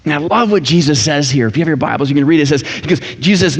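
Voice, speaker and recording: A man's voice: fairly high pitch, expressive, racing, husky. A man preaching a sermon in a casual, joking way, acting out the people in a parable. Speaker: pastor. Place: church sanctuary. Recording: dull sound with long church reverb.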